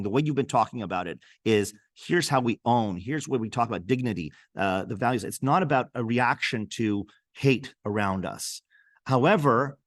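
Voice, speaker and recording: A man's voice: medium pitch, no room sound, studio quality. A man hosting a podcast interview, French his first language, talking earnestly and thoughtfully with some restarts. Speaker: podcast host. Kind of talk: conversational interview.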